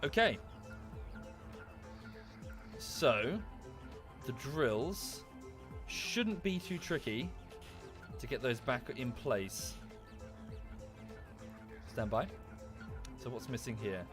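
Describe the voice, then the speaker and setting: A man with an Estuary English accent talks loosely over his gameplay, thanking viewers and musing as he works. His voice sits at a middling pitch, with faint game music beneath it. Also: animated, drawn-out words, long pauses. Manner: chatty, thanks viewers by name, thinks aloud with restarts. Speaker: streamer. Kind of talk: casual gameplay commentary.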